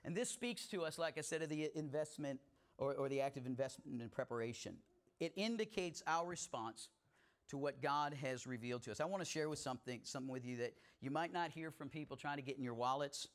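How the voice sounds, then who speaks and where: A man's voice: medium pitch, fairly quick. A middle-aged male pastor preaching a sermon in a conversational way, with folksy asides and rising emphasis.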